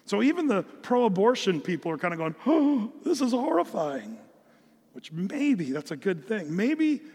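A man's voice: sits high, long reverb tail. A man from the United States preaching an earnest, emphatic Bible-teaching sermon, often restarting his phrases. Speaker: pastor.

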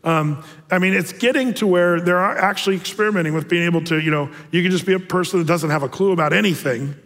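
Chatty pastor with a raised voice. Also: male voice, high-pitched, quick pace, fairly bright tone, in a large hall. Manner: chatty, digressive, joking asides. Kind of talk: casual prophecy-update sermon.

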